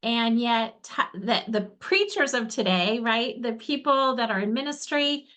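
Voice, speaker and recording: A middle-aged woman with a fairly high voice leads an online faith-based workshop. She is chatty and earnest. She keeps checking in with her listeners through a video-call mic. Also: animated, measured pace, a bit bright. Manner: chatty and earnest, asks the audience questions. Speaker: workshop host and coach.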